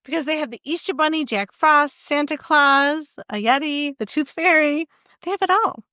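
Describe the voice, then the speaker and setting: A woman's voice: sits high, moderate pace, pushed and bright, dry recording, studio quality. A young woman co-hosting a podcast, chatting casually and reading quiz questions aloud with laughs. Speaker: podcast co-host. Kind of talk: casual chat.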